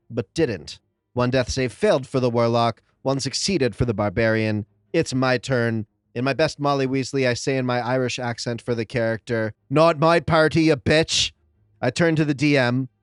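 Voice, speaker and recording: A man hosting and reading out funny game stories as scripted narration, with lively comic timing and dramatic pauses. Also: medium pitch, no echo, clean studio sound. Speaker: host.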